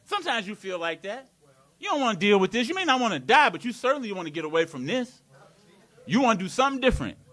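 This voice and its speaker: Lively, high-voiced male preacher. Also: fast talker. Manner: playful, laughing, call-and-response. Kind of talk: live sermon. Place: community worship hall.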